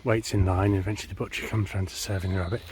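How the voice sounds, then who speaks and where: A man telling jokes in a rambling, deadpan way, outdoors in the countryside. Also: sits low, very fast, noisy background. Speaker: joke teller. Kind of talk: casual joke telling.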